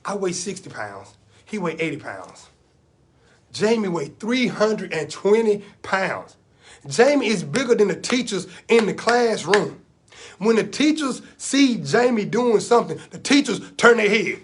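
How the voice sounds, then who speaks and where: Comedian telling a story live, raspy, high-ish voice, animated delivery. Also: male voice, measured pace. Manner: animated, vernacular storytelling with repetition. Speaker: stand-up comedian.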